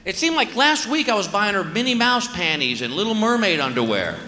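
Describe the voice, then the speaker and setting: A man in his forties performing a stand-up comedy routine, animated and exaggerating voices and shouts. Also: high-pitched, brisk. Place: stage in a large hall. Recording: live hall with audience noise.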